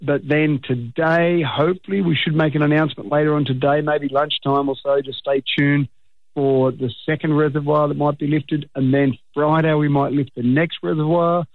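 Jokey Australian mayor on a tinny phone line. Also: male voice, fairly high pitch, steady tone, moderate pace, no echo. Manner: jokey, chatty, self-mocking. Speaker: mayor phoning in to a radio show. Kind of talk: casual radio phone chat.

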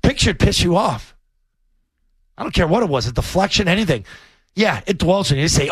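A man co-hosting sports radio talk as a former quarterback, blunt and animated, swearing casually. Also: high voice, brisk, long pauses, slightly rough, dry recording.

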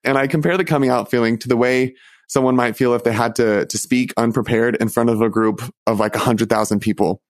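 A young man earnestly telling a personal story, halting often and restarting his sentences. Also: mid-range voice, steady tone, no room sound. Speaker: storyteller recounting his coming out.

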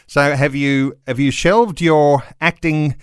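A man's voice: on the high side, fairly even intonation, slow pace, smooth, no room sound, clean studio sound. A man hosting a live radio interview, asking long, winding questions full of hesitations. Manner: rambling questions with many uh fillers. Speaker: radio host. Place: radio studio.

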